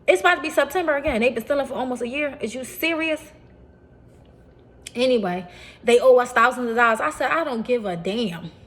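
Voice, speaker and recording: Animated woman talking to viewers. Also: high voice, brisk, pauses often. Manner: animated, repeats phrases, addresses viewers as y'all. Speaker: vlogger. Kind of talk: casual talk to camera.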